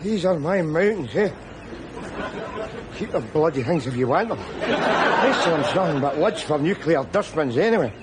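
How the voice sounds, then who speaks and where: A ranting Scottish loudmouth. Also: male voice, on the high side, big pitch swings, a little slow, pauses often. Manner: ranting, belligerent, mocking. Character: loudmouthed boozy middle-aged Scottish street philosopher. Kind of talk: sitcom acting. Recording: outdoor crowd and noise.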